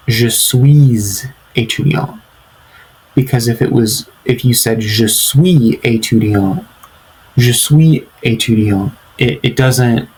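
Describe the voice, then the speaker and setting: Male tutor for a beginner language lesson: unhurried, slightly breathy voice, patient and repetitive delivery. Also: mid-range voice, a little mellow, low-quality recording. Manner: slow, patient, repeats phrases for learners. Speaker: French teacher.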